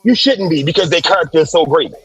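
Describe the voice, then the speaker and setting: A man in a casual podcast debate, pushing back in a measured, firm way. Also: fairly high pitch, lively intonation, husky, muffled recording.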